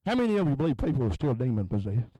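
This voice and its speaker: A man preaching a revival sermon in a tent, moving between low, quiet talk and chanted, shouted peaks. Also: very animated, rapid-fire, dry recording, low-quality recording.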